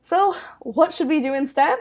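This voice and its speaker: Upbeat high-voiced young woman presenting. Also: normal speed, a little mellow. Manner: upbeat, casual, with filler words and frequent laughs. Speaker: network manager presenting a training webinar. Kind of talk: training webinar presentation.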